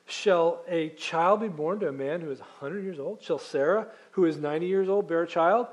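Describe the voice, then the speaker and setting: A pastor preaches a sermon, reading scripture and explaining it in a conversational yet emphatic way while asking the congregation questions. His voice is a little high and moderately paced.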